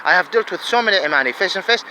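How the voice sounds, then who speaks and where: A man's voice: high-pitched, animated, racing, bright, forceful tone, slight background noise, rough recording. A man, giving an angry, profane monologue full of repeated, emphatic questions. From Saudi Arabia.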